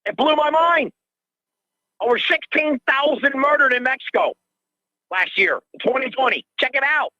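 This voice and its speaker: Older man, agitated radio caller, bright sharp tone, dry close sound. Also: very high-pitched, animated, normal speed, dry recording. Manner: agitated, ranting, repeats himself. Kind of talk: call-in radio rant. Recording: dull lo-fi call audio.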